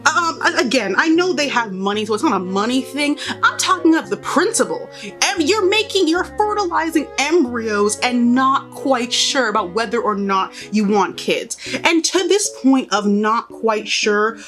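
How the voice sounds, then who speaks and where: A young woman with a slightly high voice talks casually as she does her makeup. She rambles through opinionated commentary, full of exasperated asides. Faint music plays behind her. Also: animated, normal speed, a bit bright. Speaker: beauty and pop culture vlogger. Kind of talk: casual chat while doing makeup.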